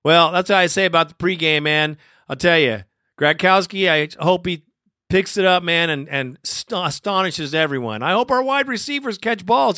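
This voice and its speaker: A man's voice: sits high, normal speed, sharp tone, no room sound, studio quality. A man hosting a sports fan podcast, talking in an emotional, rambling way and laughing often. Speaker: podcast host. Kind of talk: casual fan podcast commentary.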